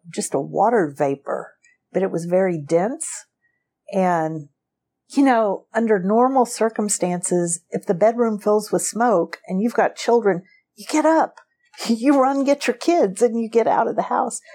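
A woman recounting a personal experience as an interview guest, unhurried and often breaking into a laugh. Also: mid-range voice, expressive, mellow, slightly rough.

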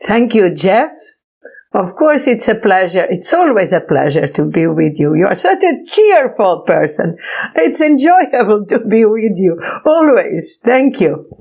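A woman from Portugal, a guest on a video call, answering graciously and pausing to find her words. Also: mid-range voice, sing-song, dark tone, husky. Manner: gracious, halting, with restarts. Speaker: interview guest. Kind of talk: conversational interview answers.

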